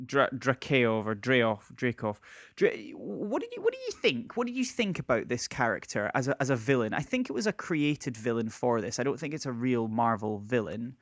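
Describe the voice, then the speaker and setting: Male co-host, animated intonation, dry sound, eager questioner. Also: medium pitch, normal speed, hardly any pauses, dry recording. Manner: enthusiastic, stumbling questioner. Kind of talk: casual film chat.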